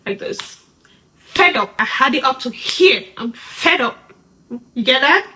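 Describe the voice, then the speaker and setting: Slow, bright-voiced woman sign teacher. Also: high-pitched, expressive, slight background noise, poor audio. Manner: slow, patient step-by-step instruction with frequent "right?". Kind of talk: beginner sign language lesson.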